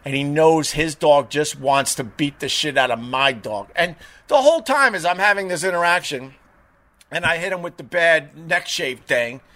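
Bright, high-voiced man telling stories. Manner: animated storyteller, mimics voices in retold dialogue. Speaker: show host. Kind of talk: casual storytelling chat.

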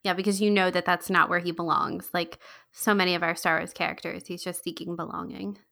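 A woman's voice: on the low side, little pitch movement, a little fast, vocal fry, pushed and bright. A woman co-hosting a casual fan discussion, chatty, laughing often, with many fillers. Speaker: podcast co-host.

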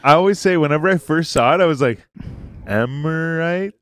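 A man's voice: fairly high pitch, very fast. A man hosting a podcast in casual chat, rambling, swearing often and laughing easily. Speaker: podcast host. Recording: faint hiss.

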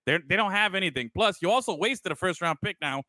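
A man with a bright, ringing voice, sitting a little above the usual pitch, talks football in a loose, rambling way, swearing and tossing out "bro". The sound is dry and close, with almost no room in it. It feels like an unscripted chat between friends. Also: expressive, fast, no room sound. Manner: rambling, swears freely, calls people bro. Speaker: podcast co-host. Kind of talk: casual sports chat.

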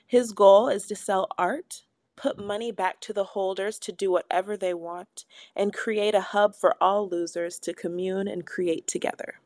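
A young woman co-hosting a casual podcast, animated and quick to laugh, swearing freely as she talks. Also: mid-range voice, no echo, clean studio sound. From Pacific Northwest of the US. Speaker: podcast co-host.

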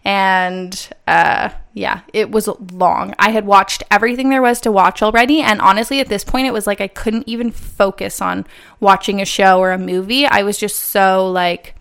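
Young woman, casual storytelling, smooth clear voice, chatty with lots of fillers, mid pitch. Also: fairly even intonation, normal speed, a bit bright. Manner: chatty, many "like" fillers, laughs often. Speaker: vlogger.

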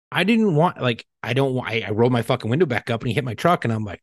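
A man in casual podcast banter, blunt and full of profanity as he tells a story. His voice is mid-pitched. The sound is close and dry. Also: lively intonation, very fast, hardly any pauses, no room sound. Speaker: podcast co-host.

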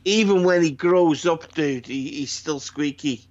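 A man's voice: a little high, unhurried, highs cut off. A man in casual chat, sweary and enthusiastic, often restarting his words.

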